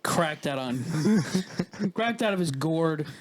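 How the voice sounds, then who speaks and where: A man's voice: a little high, animated, slow pace. A man co-hosting a casual podcast, throwing in joking side remarks. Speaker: podcast co-host. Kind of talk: casual chat.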